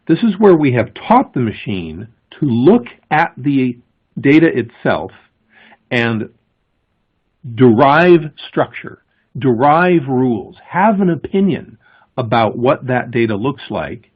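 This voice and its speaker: A man giving a conference presentation, explaining with emphasis and pausing before key words. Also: medium pitch, husky. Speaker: conference speaker. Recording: thin, phone-like lo-fi audio.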